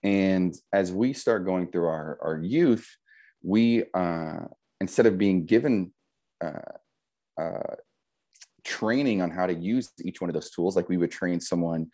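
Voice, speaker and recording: A man's voice: low voice, a little slow, warm tone. A middle-aged man in a casual podcast conversation, explaining his views reflectively and often checking in with "right?". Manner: reflective, explains with metaphors, frequent "right?" tags.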